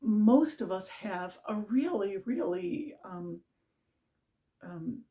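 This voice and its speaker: A woman's voice: medium pitch, animated, slow pace, warm tone. A middle-aged woman giving an earnest, casual spiritual talk as a mantra teacher, often checking in with "right?". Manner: earnest, repetitive, with frequent "right?" check-ins.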